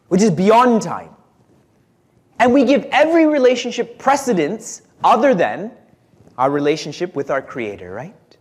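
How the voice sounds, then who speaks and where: A man delivering a spiritual discourse with a lively, swooping delivery and a slightly raised pitch. He talks conversationally, throws questions at his listeners and chuckles between points. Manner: conversational, asks the audience questions, chuckles often. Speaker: spiritual teacher.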